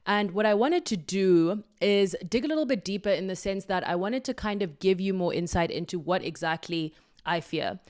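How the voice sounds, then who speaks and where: A woman's voice: medium pitch, animated, moderate pace, a little mellow. A woman hosting her own podcast, talking solo in an effusive, affirming and playful way. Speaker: podcast host.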